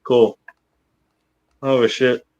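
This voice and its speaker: A man's voice: mid-range voice, little pitch movement, very slow, a little mellow, muffled recording. A man hosting a casual livestream chat, rambling and swearing freely, with hiccups. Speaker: podcast host.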